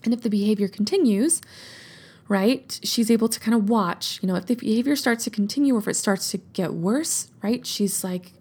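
A woman coach in her thirties giving a gentle, reassuring teaching talk and often checking in with "right?". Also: medium pitch, normal speed, husky.

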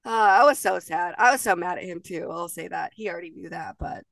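A woman's voice: on the low side, brisk, creaky, fairly bright tone, no room sound. Chatty emotional woman, slightly distant. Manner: chatty storyteller, emotional and laughing often. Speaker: podcast co-host. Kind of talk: casual chat.

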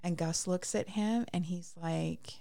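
A woman's voice: on the low side, fairly even intonation, a little slow, gravelly, warm tone. A woman co-hosting a casual chat, gushing with enthusiasm as she retells movie scenes. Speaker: podcast co-host.

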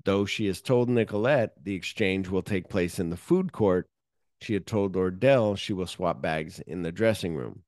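A man's voice: low-pitched, normal speed, dry recording, studio quality. A man hosting a podcast, casually recapping a film plot with lots of fillers and offhand swearing. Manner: animated retelling, mixing read plot summary with offhand asides. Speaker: podcast host. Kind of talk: casual movie recap chat.

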